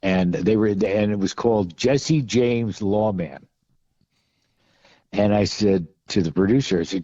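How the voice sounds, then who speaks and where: Male podcast guest, low warm voice, wry anecdotal rambler, lo-fi remote audio. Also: a little slow, no room sound. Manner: rambling, wry, many restarts and fillers. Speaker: podcast guest, film costume and gun expert. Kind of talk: casual anecdotal storytelling.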